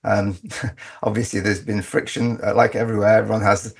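A middle-aged Englishman living in Australia, speaking as an interview guest in a halting way with many restarts. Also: lowish voice, level tone, creaky, slightly rough. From England. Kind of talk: conversational interview.

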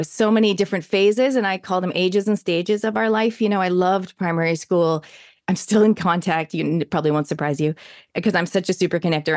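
An interview guest, a woman in her thirties with a Canadian accent, speaks in a lowish voice, recorded dry with clean studio sound. The chat is casual, and she is enthusiastic and talkative, filling it with fillers.

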